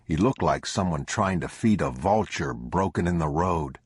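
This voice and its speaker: Male audiobook narrator, very low voice, husky, unhurried, dry close sound. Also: expressive, dry recording. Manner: low measured grim delivery. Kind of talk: scripted narration.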